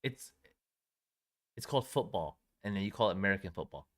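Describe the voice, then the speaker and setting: A young man co-hosting a podcast, chatting casually and breaking into playful loud banter. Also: low voice, lively intonation, a little fast. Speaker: podcast co-host. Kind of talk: casual chat.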